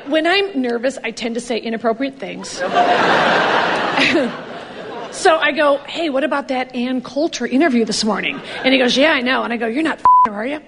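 Loud lively woman comic on stage, big swoopy voice, hall echo, crowd roaring behind. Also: sits high, moderate pace, very noisy. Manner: brash, animated, laughing through punchlines. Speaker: stand-up comedian. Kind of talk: stand-up storytelling. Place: comedy stage before a live audience.

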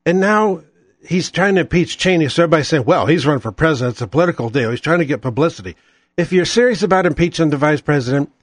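A man's voice: high-pitched, no room sound, clean studio sound. A man hosting a political talk show, ranting with profane, sarcastic exasperation.

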